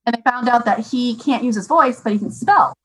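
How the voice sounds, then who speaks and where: A young woman talking casually as a parent, chatty and animated with many fillers. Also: on the high side, a little fast, breathy edge, low-quality recording. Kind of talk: casual chat.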